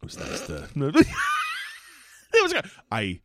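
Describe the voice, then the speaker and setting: Guy cohosting a podcast, super excitable, voice jumps all over, dry close sound. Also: extremely high pitch, takes it slowly, dry recording. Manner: animated, gasping, laughing, swearing. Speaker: podcast co-host. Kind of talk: casual chat.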